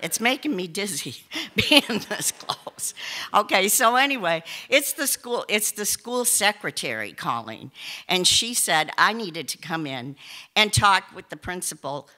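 A woman telling a personal story to a live audience, animated, often laughing and exclaiming. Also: mid-range voice, a little slow.

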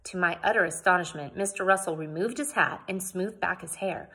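A woman's voice: on the low side, fairly quick, hardly any pauses, pushed and bright, husky. A woman reading a novel aloud, narrating plainly and adding casual asides of her own. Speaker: audiobook reader.

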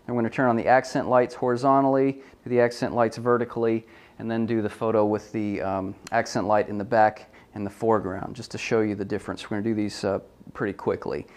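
A man's voice: on the low side, quick pace. Man explaining a product photo setup. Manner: relaxed, thinking aloud with frequent ums and self-corrections. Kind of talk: hands-on tutorial demonstration.

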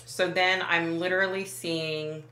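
A woman's voice: lowish voice, little pitch movement, measured pace, sharp tone, echoey room. A woman working as a psychic medium, talking to camera in a casual, rambling way, often backing up and correcting herself. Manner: rambling, self-correcting, many fillers.

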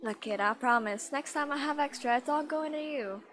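A woman putting on a blunt market vendor from a video game, drawling in an American country accent, her voice pitched rather high. Game music hums in the background. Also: moderate pace, fairly bright tone. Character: gruff, hard-up female market vendor.

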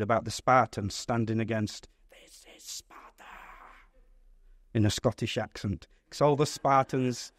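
A man, a pastor, teaching a Bible study in a lively, conversational way, putting questions to his audience. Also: medium pitch, no room sound, clean studio sound.

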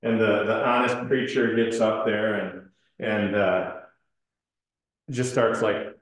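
A man's voice: fairly low pitch, steady tone, slow pace. A man leading an adult Bible study class in a church room, talking conversationally, asking questions and using frequent ums. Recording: roomy echoing room.

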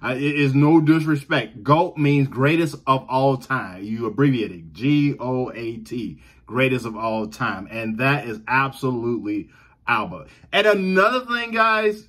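His mid-range voice has a sharp edge, and his accent marks him as from the American South. Hosting a reaction video, he chats excitedly and casually to viewers, with frequent laughter and repetition.

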